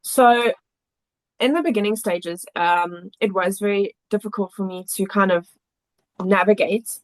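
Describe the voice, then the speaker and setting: A woman's voice: mid-range voice, steady tone, a little slow, poor audio. A woman guest on a podcast, a children's coach, speaking earnestly and thoughtfully in casual conversation.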